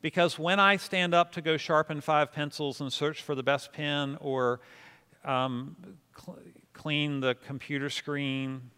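Bright, crisp-voiced man preaching in a hall. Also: on the high side, steady tone, unhurried. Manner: conversational, self-deprecating, leads congregation in responses. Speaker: pastor. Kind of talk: sermon teaching on prayer. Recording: long reverb of a hall.

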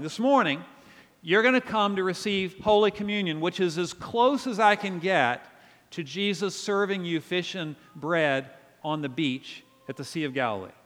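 A man with a notably high voice delivers a sermon in an earnest, conversational way, slipping in asides to the congregation. The sound carries a long reverb from the church sanctuary. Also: fairly bright tone. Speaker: pastor.

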